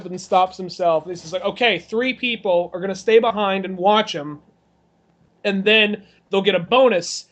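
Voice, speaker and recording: A man co-hosting a podcast, casually retelling a film scene by scene and acting out the characters' lines in rough, swearing voices. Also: high-pitched, fairly bright tone, dull audio. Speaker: podcast co-host. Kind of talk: casual movie chat.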